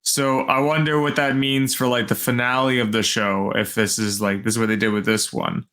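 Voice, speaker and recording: A man co-hosting a casual review chat, jumping in with enthusiastic reactions and quick retellings of scenes. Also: medium pitch, level tone, fairly bright tone. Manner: enthusiastic, quick bursts, quotes characters.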